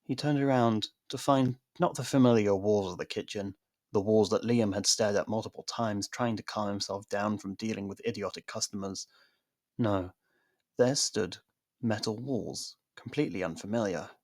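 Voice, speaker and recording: Low-voiced man narrating a fan story. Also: moderate pace, dry recording, studio quality. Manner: reads all parts, lively character voices. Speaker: narrator and audiobook-style reader. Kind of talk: scripted narration of a fan audio drama.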